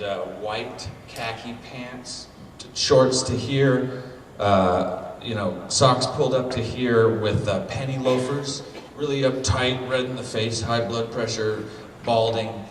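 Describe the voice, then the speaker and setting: Convention guest, male, telling stories in a profane and animated way, echoey hall, mic far off. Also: medium pitch, a little hiss or hum. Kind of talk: comic storytelling. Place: convention panel room.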